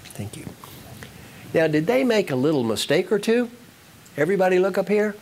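Man, motivational speaker, live talk to audience, animated, repeats lines, faint room noise. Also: high voice, a little fast. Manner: animated, repetitive, directs the audience.

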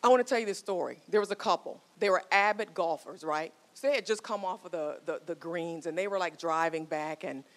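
A woman's voice: fairly low pitch, brisk, hardly any pauses. A woman in her forties giving a motivational talk, telling stories and coaxing the audience with questions. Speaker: marriage speaker.

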